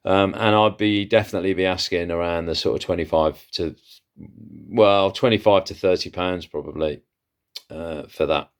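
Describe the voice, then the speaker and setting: A man's voice: low-pitched, fairly even intonation, normal speed. A man who hosts a vlog and chats with enthusiasm as he shows off his antiques haul, with frequent fillers. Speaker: antiques seller and channel host. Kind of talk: casual haul vlog, showing items.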